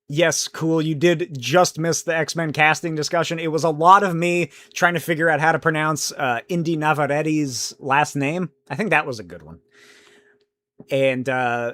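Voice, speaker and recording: A man's voice: fairly high pitch, fairly bright tone. A young man hosting a casual solo podcast, thinking aloud, rambling and swearing casually as he answers chat questions. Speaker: podcast host.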